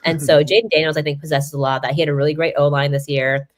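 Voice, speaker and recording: A low-pitched woman talks quickly and animatedly as a sports reporter on a podcast. Her stories tumble out with plenty of "like" and "you know". The feel is loose, casual guest chat over a remote live-stream mic. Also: fairly even intonation.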